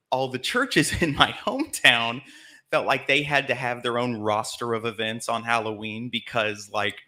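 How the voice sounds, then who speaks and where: Male host from Alabama, chatty live storyteller with a bright, forceful voice. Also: medium pitch. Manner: chatty, laughing as he tells it. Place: live theater stage.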